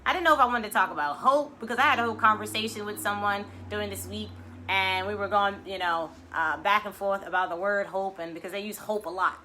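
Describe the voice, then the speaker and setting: A woman's voice: mid-range voice, quick pace, pushed and bright, slight background noise. A woman leading guided breathing and a motivational talk in a live virtual session, effusive and chatty with lots of "you know". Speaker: affirmation and mindset teacher leading a weekly online session.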